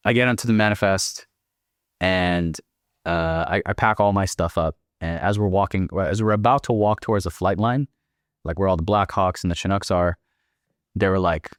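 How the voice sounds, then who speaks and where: A young man telling a casual, profane story, acting out the dialogue and jumping higher when he quotes himself. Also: no room sound, studio quality. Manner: swearing freely, acting out dialogue. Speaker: guest.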